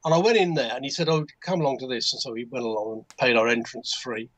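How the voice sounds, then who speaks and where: The recording is poor, carrying an older man from England with an English accent who rambles through an anecdote as a guest modelmaker on a hobby livestream, often restarting and going off on asides. His mid-range voice is fairly bright and fairly even in intonation, and he talks quickly.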